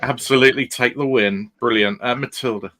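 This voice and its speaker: A man hosting a casual quiz aftershow, relaxed and full of fillers. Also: medium pitch, fairly quick. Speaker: podcast host.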